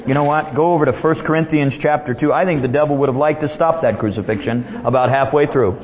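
This is a man preaching a sermon who drives his points home by repeating them and reads scripture as he goes. His voice sits fairly high. The recording is muffled and lo-fi. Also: fast talker, few pauses, a little mellow. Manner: emphatic, repetitive, reads verses aloud. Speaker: pastor. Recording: dull lo-fi recording.

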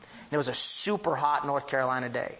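A man's voice: steady tone, fairly quick, fairly bright tone. A man preaching a sermon as pastor, emphatic and confessional, telling personal stories with big swings in his voice. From northern United States. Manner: emphatic, with sweeping pitch rises; confessional, anecdotal storytelling.

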